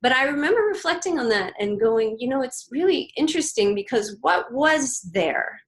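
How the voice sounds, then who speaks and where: A woman in her thirties, a podcast guest, speaks earnestly and gently, pausing and restarting as she tells a personal story. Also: high-pitched, expressive, rough recording. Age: 30s. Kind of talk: reflective interview storytelling.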